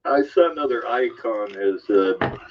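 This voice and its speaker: A man co-hosting a casual political chat, speaking haltingly with many ums and uhs and swearing casually. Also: on the low side, expressive, crowd noise. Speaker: podcast co-host. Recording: dull lo-fi sound.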